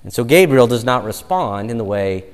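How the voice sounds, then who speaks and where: A man preaching a sermon as a pastor, emphatic and given to drawn-out storytelling. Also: medium pitch, expressive, clear, resonant tone, in a large hall.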